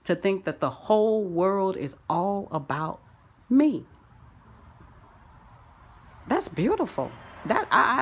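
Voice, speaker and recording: A woman delivering a rambling spiritual monologue, full of wordplay and sing-song turns, swinging from loud declarations to soft asides. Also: medium pitch, very animated, takes it slowly, long pauses, a little hiss or hum. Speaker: spiritual self-help vlogger. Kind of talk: rambling spoken-word monologue.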